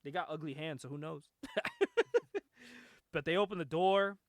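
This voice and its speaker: A man's voice: a little high, normal speed, dry recording. A man hosting a podcast, giving a casual comic book recap with frequent laughter and filler words. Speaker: comic review podcast host.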